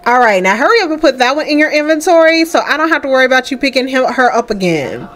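Lively high-voiced woman gaming host. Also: quick pace, slight background noise. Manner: chatty and animated, laughing often, talking to the sims. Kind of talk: casual let's play commentary.

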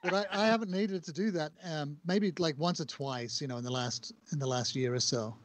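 A man's voice: fairly high pitch, normal speed. A man co-hosting a casual tech chat, upbeat and teasing, with lots of fillers. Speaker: podcast co-host.

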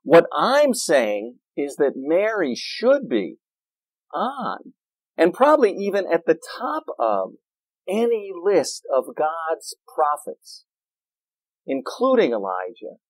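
A man preaching a sermon in a church, animated and playful, with jokes and asides. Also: on the high side, takes it slowly, no room sound, rough recording. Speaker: pastor.

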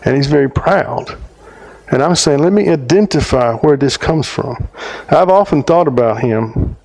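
A middle-aged man, a theologian, telling a story in a talk, halting and restarting, his voice climbing sharply when he acts out his own lines. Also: gravelly. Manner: animated storyteller, voice climbs high when quoting himself; halting phrasing, restarts mid-sentence. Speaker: theologian speaker.

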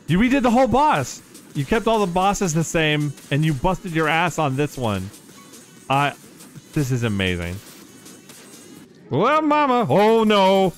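This streamer, playing a modded platform game, has a voice on the high side. His live commentary is casual and quick to break into laughter, peppered with swearing and loud reactions to surprises.

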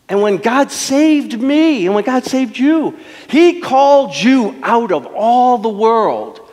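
A middle-aged pastor preaching in a church, his fairly high voice swinging widely between hushed and emphatic. He tells stories with dramatic pauses, and the words ring out in a long church reverb. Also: lively intonation. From Detroit. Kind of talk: sermon. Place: church sanctuary.

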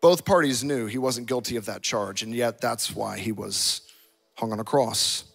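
A man's voice: medium pitch, normal speed, vocal fry, fairly bright tone. A male pastor delivering an impassioned sermon and acting out scripture dialogue. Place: church auditorium.

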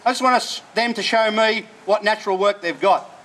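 A man's voice: sits high, fairly quick, fairly bright tone. A man explaining dog training at an outdoor demonstration, talking plainly with short commands to his dogs in between. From Australia. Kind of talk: live outdoor demonstration talk. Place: outdoors at a festival display.

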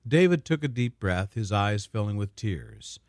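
A man narrating a scripted dramatic story in a smooth, even storytelling manner. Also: lowish voice, unhurried, no room sound, studio quality.

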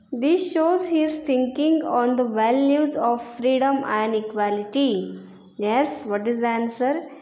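A woman teacher slowly reading out textbook answers and repeating each one. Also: a little high, darkish tone. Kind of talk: slow classroom lesson reading answers aloud. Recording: echoey room.

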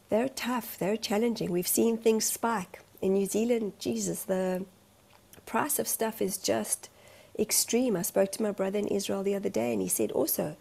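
Husky, gravelly-voiced woman vlogger. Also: mid-range voice, dark tone. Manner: earnest, emotional, rambling. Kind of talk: candid vlog monologue.

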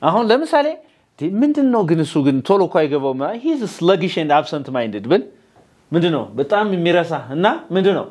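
A man's voice: fairly high pitch, big pitch swings, very fast, darkish tone. A man with an Ethiopian accent, a native Amharic speaker, teaching an English lesson and coaxing students to repeat words after him. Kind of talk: classroom English lesson, call and response.

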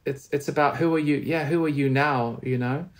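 A man, a spiritual teacher and podcast guest, telling a heartfelt story in a halting, earnest way with many restarts. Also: fairly high pitch, steady tone.

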